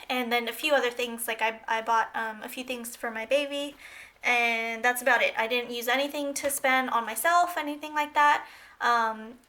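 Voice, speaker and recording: A woman's voice: a little high, bright, forceful tone. A woman vlogger chatting casually and a bit scatter-brained while she counts cash into budget envelopes.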